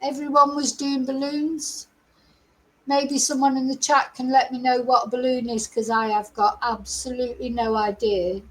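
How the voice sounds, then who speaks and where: A woman's voice: on the high side, little pitch movement, normal speed, hardly any pauses, rough recording. A middle-aged woman giving chatty, exasperated livestream commentary as a true crime host. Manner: chatty, exasperated, laughs between remarks.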